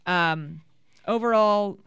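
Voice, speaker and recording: A young woman co-hosting a casual radio show, chatting excitedly through tech news with lots of restarts. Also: medium pitch, slow pace, smooth, no room sound. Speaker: podcast co-host reading tech news.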